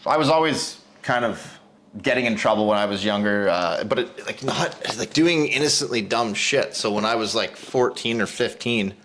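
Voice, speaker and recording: A man's voice: on the low side, lively intonation, moderate pace, a bit bright, slight background noise. A man hosting a podcast, telling a rambling, profane story and laughing through it. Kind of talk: casual storytelling.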